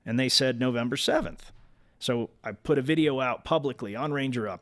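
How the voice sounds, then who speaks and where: A man's voice: medium pitch, moderate pace. A man appearing as a guest entrepreneur on a casual podcast, giving an earnest, detailed account of business troubles. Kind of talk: casual chat.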